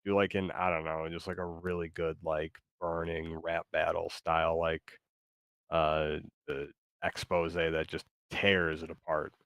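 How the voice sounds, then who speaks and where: A man's voice: deep voice, little pitch movement, measured pace, a bit bright, dry recording, studio quality. A man hosting a live stream, chatting casually with lots of fillers. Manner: rambling, many fillers. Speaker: streamer host.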